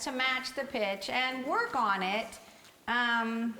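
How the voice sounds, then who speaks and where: A woman's voice: a little high, takes it slowly, music in the background. A woman teaching a theatre workshop to a group, chatty and encouraging. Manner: chatty, encouraging, laughs easily. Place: echoey rehearsal room with a group. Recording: roomy echo, faint hiss.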